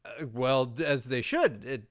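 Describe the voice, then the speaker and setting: A man co-hosting a comedy podcast, playful and quick to tease. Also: medium pitch, lively intonation. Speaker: podcast co-host. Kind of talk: casual comedy podcast chat.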